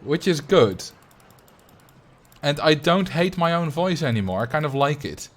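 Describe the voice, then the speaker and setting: A man's voice: a little high, lively intonation, a little slow. A man with a light Dutch accent, chatting casually and animatedly to viewers on a livestream. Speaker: streamer.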